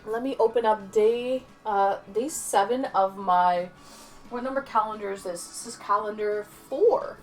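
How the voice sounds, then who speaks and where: A woman's voice: medium pitch, a little slow, soft background music. A woman livestreaming and casually answering her chat aloud, rambling and chatty with some swearing. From Canada.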